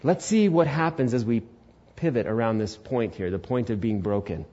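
A man in his twenties preaching a sermon, telling the story in a lively way and swinging between loud bursts and hushed lines. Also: medium pitch, normal speed, lo-fi sound. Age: 20s. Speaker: pastor.

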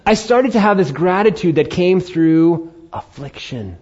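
A man preaching a sermon as a pastor, telling a personal story with animated acted-out asides. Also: sits high, measured pace, slightly rough, highs cut off.

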